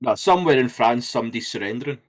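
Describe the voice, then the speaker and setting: A man's voice: medium pitch, very fast. Dry-witted man on a podcast. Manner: dry, deadpan quips. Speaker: podcast co-host. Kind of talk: casual chat.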